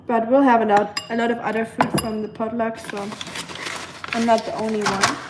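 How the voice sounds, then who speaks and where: A young native German speaker with a German accent chats casually with her livestream viewers while cooking in her home kitchen, answering them and searching for words. Her voice is on the high side, flat, and at normal speed. The kitchen is echoey and noisy with clattering dishes.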